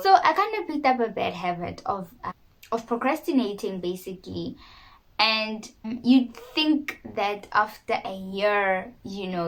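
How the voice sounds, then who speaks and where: A woman's voice: mid-range voice, poor audio. Chatty young South African woman vlogging. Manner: chatty, candid, self-mocking. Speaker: YouTuber. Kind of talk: casual talk to camera.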